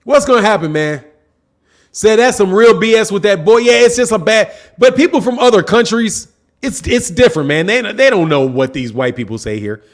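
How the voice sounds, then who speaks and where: A man with a high, expressive voice talks at normal speed while hosting a boxing livestream. He chats loosely with viewers in slang, echoing his own lines to make a point.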